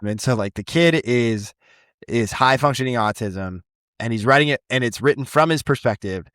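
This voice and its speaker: A man teaching high school English talks loosely on a podcast, circling back and restarting his sentences and swearing now and then. His voice sits at an ordinary pitch for a man. The close mic leaves it dry, with no room sound. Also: normal speed, a bit bright, smooth, no echo. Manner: rambling, frequent restarts and casual swearing. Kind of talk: casual podcast chat.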